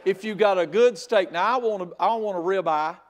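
An older man preaching a sermon, telling a folksy story with loud outbursts. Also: high voice, fairly quick. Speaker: pastor.

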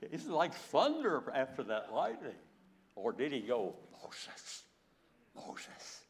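An elderly man in his nineties delivers a sermon with a pitch that swoops up and down. He tells stories, chuckles between lines and acts out scripture scenes. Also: wildly swooping pitch, unhurried. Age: 90s. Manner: storytelling, chuckles often, dramatizes scripture. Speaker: preacher.

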